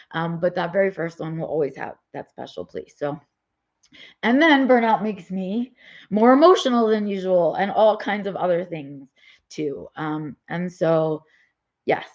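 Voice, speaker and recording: Battling a migraine, a woman rambles through a candid live-streamed vlog, full of fillers and restarts. She has a lowish, a little mellow voice, recorded on dull lo-fi audio.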